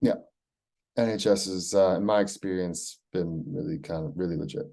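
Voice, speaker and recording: A man's voice: low-pitched, steady tone, normal speed, creaky, dark tone. An American man talking in a loose, rambling monologue, swearing freely and filling with "like" and "right?". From United States. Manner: loose and profane, heavy use of "like" and "right?". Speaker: vlogger keeping a spoken personal log.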